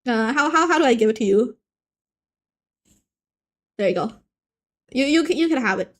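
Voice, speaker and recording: A young woman hosting a casual art stream, bantering with her viewers in a playful, animated way. Her voice sits high and swings widely in pitch. She often stumbles and restarts mid-sentence as she talks and draws. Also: normal speed, pauses often. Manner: playful and animated, joking with chat, frequent restarts. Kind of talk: casual live-stream chat while drawing.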